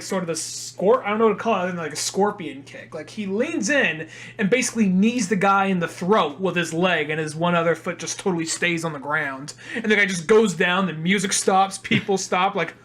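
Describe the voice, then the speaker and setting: Young guy on a podcast, high voice, acts out the lines while recapping a movie. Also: fairly quick. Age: young adult. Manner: animated retelling, acts out quotes in a high voice. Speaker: podcast co-host. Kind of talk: casual film discussion.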